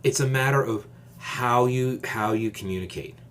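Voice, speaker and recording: A man hosting his own channel, giving advice in a calm, measured, deliberate casual monologue. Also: medium pitch, a little hiss or hum.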